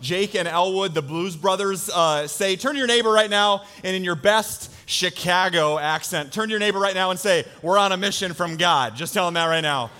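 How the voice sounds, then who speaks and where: Male pastor, lively casual sermon delivery, high bright voice. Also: moderate pace, hardly any pauses. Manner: energetic, casual preaching with frequent fillers. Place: large church sanctuary.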